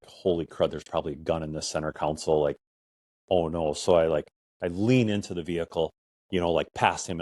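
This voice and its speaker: A middle-aged man hosts a podcast, telling a personal story in a loose, rambling style packed with "I'm like" and "or whatever." His voice is deep and a little mellow, recorded as clean studio sound with no echo.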